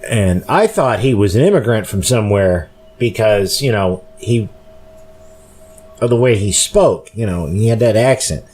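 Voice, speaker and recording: A tired man hosting a solo podcast, talking slowly and rambling with many pauses and fillers. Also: on the low side, lively intonation, a little mellow, breathy edge. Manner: rambling, slow, full of fillers. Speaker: podcast host. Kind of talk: casual solo podcast monologue.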